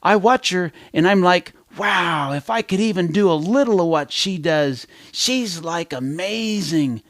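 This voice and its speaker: A man putting on a gushing teenage girl, high and breathless. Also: expressive, unhurried, hardly any pauses, a bit bright, no room sound, studio quality. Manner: breathless, gushing, says like constantly.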